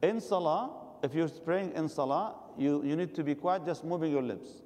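A man's voice: fairly high pitch, moderate pace, a little mellow, long reverb tail. A man giving a religious lecture and answering questions from the audience, advising his listeners directly. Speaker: religious teacher.

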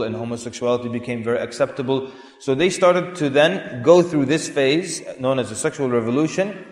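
A man giving an Islamic lecture to a live audience, chatty, asking the listeners questions and laughing now and then. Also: medium pitch. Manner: conversational, asks the audience questions, often laughs. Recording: echoey hall recording.

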